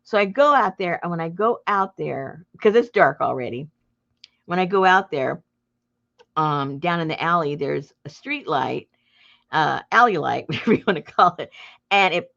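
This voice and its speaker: Animated gravelly-voiced woman telling a story. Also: low-pitched, a little slow. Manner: animated, breaks into laughter and loud acted outbursts. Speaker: junk journal crafter and channel host. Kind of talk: casual storytelling to viewers. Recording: dull lo-fi home recording.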